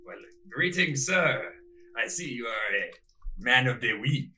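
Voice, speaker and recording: Bright-toned man playing a grand hero. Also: mid-range voice, animated, a little slow. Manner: playful, grandiose, stumbling. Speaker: player. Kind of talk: in-character tabletop play.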